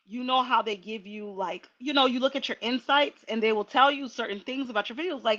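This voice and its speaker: A woman hosting a casual livestream, chatty and animated, talking straight to her viewers. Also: fairly high pitch, fairly quick, hardly any pauses, lo-fi sound. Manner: chatty, animated, laughing asides. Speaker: livestream host.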